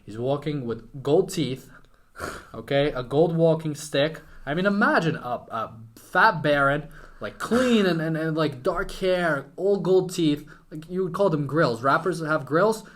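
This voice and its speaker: A young man from Ukraine, a podcast guest, telling a story with excitement and casual swearing. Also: fairly high pitch, a little slow. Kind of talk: animated storytelling.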